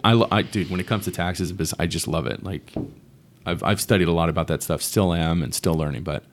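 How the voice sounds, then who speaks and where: A real estate investor appears as a podcast guest, chatting easily in a very low, deep voice at a slightly fast pace. He's laid-back and slangy, dropping "dude" and "bro" as he explains things, with slight background noise behind him.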